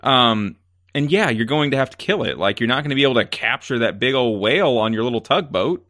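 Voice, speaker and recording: A man co-hosting a casual movie review chat, ranting in an animated way and filling his talk with "like". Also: medium pitch, a little fast, no echo, clean studio sound. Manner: animated ranting, filler-heavy. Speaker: podcast co-host.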